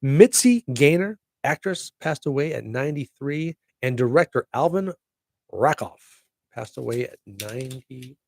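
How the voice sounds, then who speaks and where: Expressive and speaking at a normal pace, a middle-aged podcast host keeps his solo show upbeat and chatty, with jokey asides thrown in. His voice sits at a middle pitch with a gravelly edge and darkish tone, recorded dry and close without any room echo.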